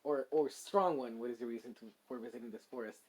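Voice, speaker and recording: Man voicing scrawny goblins, humble, halting, bowing. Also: medium pitch, darkish tone, pitched below the performer's own voice, close to an everyday voice. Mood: deferential.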